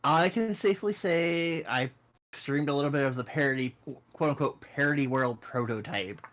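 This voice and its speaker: A man co-hosting a casual podcast chat, rambling and joking, now and then slipping into high silly voices. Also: normal speed, fairly bright tone. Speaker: podcast co-host.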